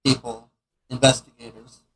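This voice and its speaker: On a casual podcast, a male co-host with a medium-pitched, fairly bright voice keeps an easygoing, teasing tone and laughs along with his partner. His delivery is level and moderately paced, though the audio quality is poor.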